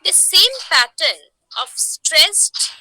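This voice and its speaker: A woman teaching poetic meter, explaining slowly and asking rhetorical questions. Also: very high voice, very animated, pushed and bright, dry recording, poor audio. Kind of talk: poetry meter lesson.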